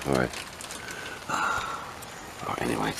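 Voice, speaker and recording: A middle-aged man with an extremely low, creaky voice speaks at a slow pace in a steady tone while filming a camping trip. He banters jokily with his friends in casual chat, calling everyone mate and sir. The windy, rainy campsite fills the outdoor recording with wind and rain noise.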